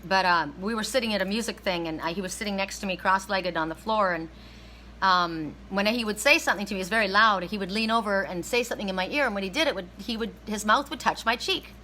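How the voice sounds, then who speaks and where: A middle-aged woman, an oracle card reader, telling a personal story in a casual livestream, animated and laughing, with some swearing. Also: mid-range voice, fast talker, a little hiss or hum, rough recording.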